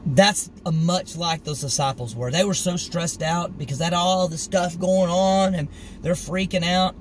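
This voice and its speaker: A middle-aged man gives an informal, earnest sermon, speaking conversationally and acting out the scripture story with energy. His voice sits a little high. Faint vehicle noise hums in the background. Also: moderate pace, rough recording. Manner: earnest, conversational, animated when retelling the story. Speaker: street preacher.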